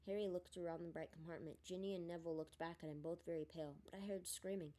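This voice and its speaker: Mellow, low woman reading a story. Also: steady tone, quick pace. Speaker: audiobook reader. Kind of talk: storybook narration.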